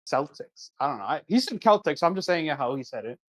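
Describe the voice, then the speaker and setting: A young man with a fairly high voice, co-hosting a casual podcast. He tells stories in a laid-back way and keeps checking in with his listener. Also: big pitch swings, fast talker. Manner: laid-back storyteller, drawls out asides like "right?". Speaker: podcast co-host. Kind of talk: casual chat.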